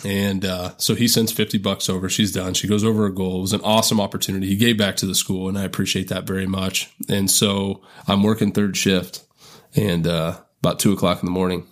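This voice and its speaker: On a podcast, a middle-aged guest speaks briskly in a low, level voice. His casual storytelling runs long and rambling, thick with fillers and self-interruptions.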